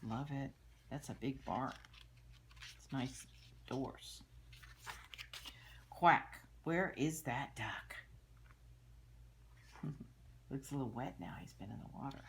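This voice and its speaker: An older woman reading a children's picture book aloud, chatting gently about the pictures and sometimes dropping to a whisper. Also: extremely low pitch, animated, takes it slowly, long pauses, a little hiss or hum.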